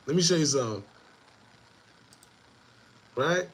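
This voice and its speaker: A man hosting an online commentary show, talking casually to viewers in a repetitive, animated way with laughing asides. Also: a little high, moderate pace, slightly rough. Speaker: show host.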